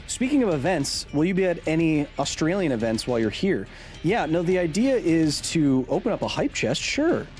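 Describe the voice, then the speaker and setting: A man's voice: fairly high pitch, darkish tone. A man in his thirties hosting a casual live stream, joking while reading chat aloud. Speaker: streamer and host.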